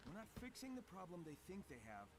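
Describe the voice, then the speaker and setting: Young game hero, husky, high and lively. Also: male voice, fast talker, low-quality recording. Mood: calm. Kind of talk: game dialogue.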